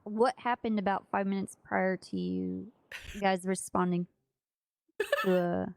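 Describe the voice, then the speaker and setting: A young adult woman in casual role-play banter, blunt and quick to swear. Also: medium pitch, level tone, gravelly, no room sound, studio quality. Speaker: streamer playing a role-play character.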